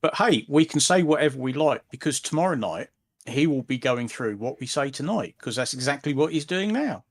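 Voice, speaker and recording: A man's voice: medium pitch, animated, a little fast. Chatty man with stammering restarts. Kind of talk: casual chat.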